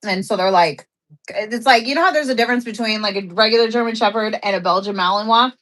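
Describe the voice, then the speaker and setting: A woman co-host in laid-back conversation. She talks freely and at length, relaxed and blunt in her delivery. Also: medium pitch, quick pace, poor audio. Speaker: co-host and friend. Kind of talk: casual chat.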